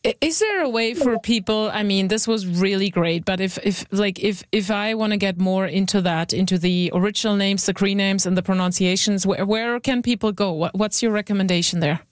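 A woman's voice: medium pitch, a little fast, hardly any pauses, no room sound. A woman hosting a radio show, friendly and conversational with some stumbles. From Saskatchewan, Canada. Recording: dry studio with faint music.

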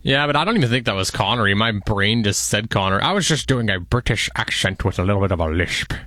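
Radio co-host guy, kinda low voice, rattles off quick jokes. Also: lively intonation, pushed and bright, dry recording, clean studio sound. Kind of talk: casual radio banter.

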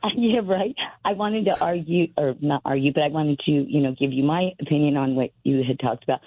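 A woman's voice: sits low, a little fast, husky, no echo. A breathless woman in her fifties rambles down a tinny, phone-like line. She keeps tripping over and restarting her sentences, and the sound is dry with no room around it. She talks as a caller to a radio show. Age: 50s. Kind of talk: call-in radio chat.

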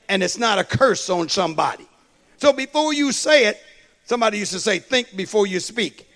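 High-voiced male preacher, very high pitch. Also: fairly bright tone. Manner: call-and-response preaching, repeats phrases for emphasis. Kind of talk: sermon.

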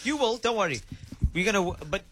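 A man hosting a radio show, energetic and playful, joking with his guests in the studio. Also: sits high, dry recording. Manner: energetic, playful, quick to joke. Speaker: radio host. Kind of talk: upbeat radio banter. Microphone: studio microphone.

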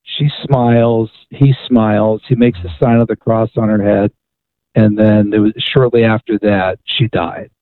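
A male author, a guest on a radio talk show, telling a story with lively restarts and repeated words. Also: on the low side, a little slow, no room sound. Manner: animated storyteller with frequent restarts. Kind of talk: phone-in radio interview storytelling. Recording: tinny phone line.

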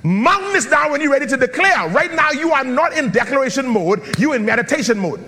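A man's voice: very high voice, big pitch swings, brisk, bright, forceful tone, big-room sound. A man preaching a sermon as pastor, calling on the congregation and breaking into a chanting, sung delivery. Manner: preaching with call-and-response, swinging into a sung chant.

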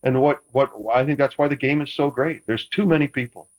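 A man's voice: mid-range voice, steady tone, brisk, rough recording. A man, a former quarterback, chatting casually as a guest, rambling with frequent restarts and playful teasing. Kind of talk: casual chat.

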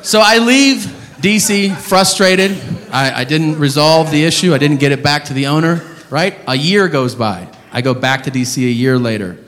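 A man's voice: on the high side, moderate pace, fairly bright tone. A male stand-up comedian telling a story in an exasperated, profane, emphatic way, on a comedy stage. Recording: reverberant hall with audience noise.

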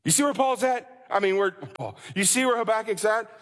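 A man delivers a fervent sermon in a high voice that rises and falls dramatically. He keeps pressing his listeners with rhetorical questions. His words ring out with the long reverb of a large hall. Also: lively intonation, a little fast, fairly bright tone. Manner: impassioned, preaching in rhetorical questions. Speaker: pastor.

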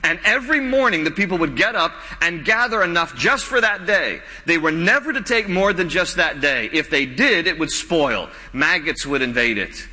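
A man preaching a lively sermon in a very bright, ringing voice that sits a little high for a man. He mixes joking asides into his teaching and slips into quick voices for the people in the story. The sound carries the long reverb of a large hall. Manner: animated, joking asides, voices complaining crowds. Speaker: pastor.

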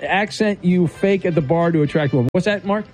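A man's voice: high voice, brisk, a little mellow, soft background music. A man hosting a radio call-in game show in a casual, rambling way, with many fillers and restarts.

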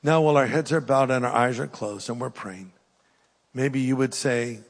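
An older man preaching a sermon with an altar call, earnest and pleading, swinging between raised emphasis and hushed, soft appeals. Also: mid-range voice, moderate pace, vocal fry, in a large hall. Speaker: pastor. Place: church hall with live audience.

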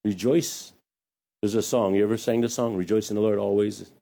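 A man preaching a sermon as pastor, lively, with joking asides. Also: lowish voice, fast talker, creaky.

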